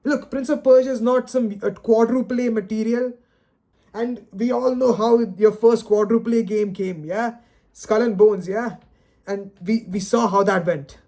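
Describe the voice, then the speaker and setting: Speaking a little slowly with a high, mellow, steady-toned voice, a male video creator rants on camera without a script. He sounds dejected and frustrated, sighing in exasperation and stammering as he repeats words.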